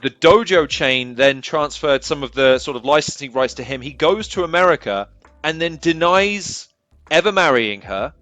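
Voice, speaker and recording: A man's voice: on the high side, moderate pace, no room sound, faint music behind. Man telling stories with a laugh. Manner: animated storyteller, laughs often, rambling asides. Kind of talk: casual chat.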